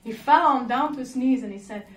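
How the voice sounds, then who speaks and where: A woman's voice: fairly high pitch, a little fast. A woman teaching a devotional class in English, telling a story in a chatty manner and laughing often. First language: Dutch. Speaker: class speaker. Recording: roomy, distant lecture mic.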